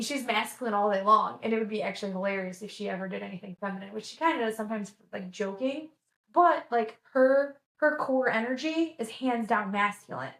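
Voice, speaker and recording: A woman telling a casual, animated story as a vlogger, full of "like" fillers and acted-out quotes. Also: mid-range voice. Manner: chatty, animated, lots of "like" fillers, acts out quotes. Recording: echoey room.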